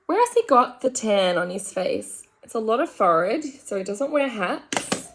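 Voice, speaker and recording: A woman's voice: a little high, lively intonation, normal speed, noisy background. A young woman with an Australian accent chatting frankly and rambling while she does her makeup at home. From Australian countryside. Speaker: makeup vlogger. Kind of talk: casual chatty commentary.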